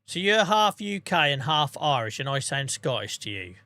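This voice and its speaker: A man's voice: on the high side, big pitch swings, moderate pace, sharp tone, no echo. A man with a Norfolk accent, chatting casually to his viewers while playing a farming game on a stream. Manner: chatty, laid-back, talking to chat while playing. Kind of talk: casual gaming stream chat.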